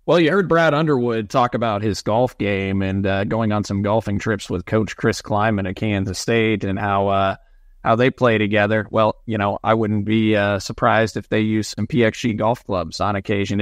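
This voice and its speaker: A man's voice: steady tone, moderate pace, dry recording, studio quality. Man reading an upbeat host ad. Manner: upbeat, conversational pitch. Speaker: podcast host. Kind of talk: host-read ad.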